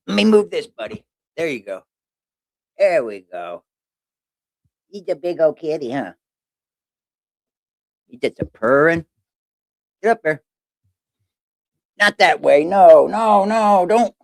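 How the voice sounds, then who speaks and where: A man's voice: a little high, very animated, takes it slowly, creaky, pauses often, dry recording, studio quality. A man hosting a live stream in a casual, playful way, greeting chat viewers one by one.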